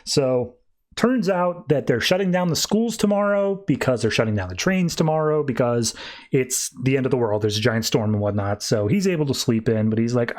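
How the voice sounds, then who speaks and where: A podcast host recapping a comic book in a loose, chatty way. He is wry and offhand and swears now and then. His voice sits in a middle pitch. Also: animated, moderate pace, a little mellow.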